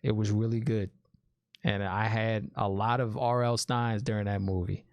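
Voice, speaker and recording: A man's voice: on the low side, level tone, normal speed, a little mellow, no echo. A man giving a casual spoiler review of a movie. He talks in a chatty, enthusiastic way, restarts his sentences and often calls the listener "man". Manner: repeats himself and restarts sentences.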